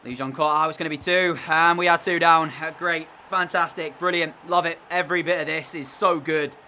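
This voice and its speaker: A man's voice: a little high, steady tone, a little fast, bright, forceful tone, slight background noise. A young man commentating on his own video game match in an exasperated, sarcastic way. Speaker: gaming commentator.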